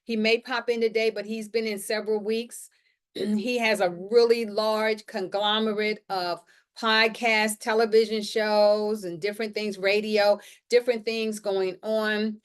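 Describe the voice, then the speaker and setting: A woman's voice: mid-range voice, flat delivery, a little slow, clean tone. A woman hosting a publishing Q&A live stream from her home, talking in an upbeat, motivational way and often repeating her phrases. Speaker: host of a publishing Q&A show. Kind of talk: casual live-stream talk. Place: indoors at home.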